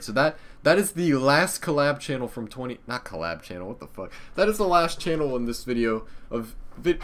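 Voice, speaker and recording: A man's voice: medium pitch, a bit bright. A young man, a YouTuber, rambling casually and profanely about old channels, laughing often. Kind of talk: casual nostalgic commentary.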